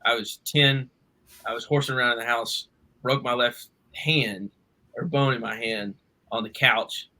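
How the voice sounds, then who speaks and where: A man, a podcast host, telling a story in casual chat with animated delivery. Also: mid-range voice, a little slow.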